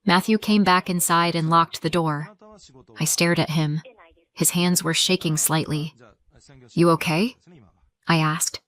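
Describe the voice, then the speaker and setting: A woman narrating a scripted first-person family drama story in a measured, dramatic way. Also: on the low side, steady tone, a bit bright.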